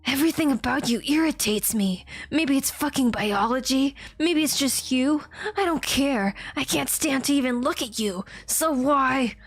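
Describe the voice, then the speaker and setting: A woman voicing a furious, snarling young man who shouts and swears at his rival. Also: sits high, moderate pace, no room sound. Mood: angry shouting.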